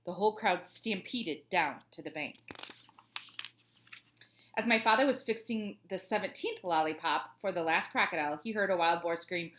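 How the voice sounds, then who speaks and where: A woman's voice: fairly low pitch, normal speed, a bit bright. A woman, a teacher, reading a children's book aloud in a cheerful, chatty way.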